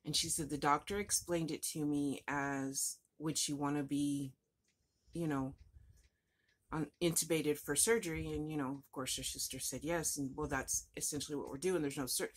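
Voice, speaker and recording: A woman's voice: low voice, fairly even intonation, normal speed, breathy edge. A woman telling a personal story in a rambling, emotional way, her voice breaking at times. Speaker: vlogger.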